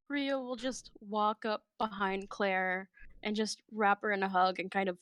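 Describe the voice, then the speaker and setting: A woman's voice: mid-range voice, steady tone, a little slow, fairly bright tone, no echo. A woman playing a tabletop game, making laughing, sheepish asides. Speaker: player.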